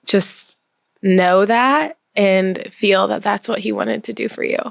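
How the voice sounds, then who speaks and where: A woman's voice: mid-range voice, takes it slowly, gravelly, no echo, studio quality. A woman hosting a podcast, eager and effusive, chatting casually with her guest. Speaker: podcast host.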